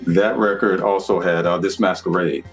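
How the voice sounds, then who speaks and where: Co-host with an extremely deep voice, halting delivery, faint music underneath. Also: male voice, fairly even intonation. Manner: hesitant, filler-heavy. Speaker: podcast co-host. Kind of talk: casual conversation.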